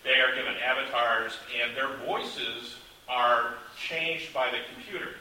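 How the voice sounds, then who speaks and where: A man's voice: medium pitch, unhurried, sharp tone. Man in an echoey room, far off. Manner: rambling, self-deprecating, many restarts. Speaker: author. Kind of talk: casual panel chat. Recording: echoey room, distant mic, faint hiss.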